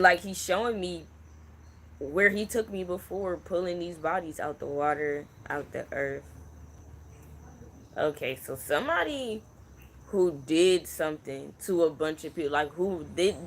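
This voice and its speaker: Man in his 20s, psychic reader, hushed halting delivery, crickets in background. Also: fairly high pitch, a little hiss or hum. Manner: slow, hushed, halting and emotional. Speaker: psychic channel host. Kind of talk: spiritual reading, unscripted. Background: crickets and insects.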